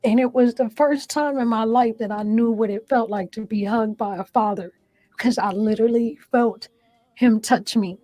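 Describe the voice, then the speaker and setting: A woman's voice: on the high side, fairly even intonation, moderate pace, dark tone, dry recording, low-quality recording. A woman who is a comedian, a guest telling an emotional personal story with earnest feeling and acting out her own past words. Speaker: interview guest.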